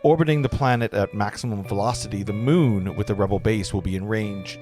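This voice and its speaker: A man's voice: lowish voice, a little fast, a little mellow, soft background music. A man hosting a table read, reading stage directions casually with stumbles and asides. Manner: casual, stumbling and joking between lines. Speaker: host and narrator.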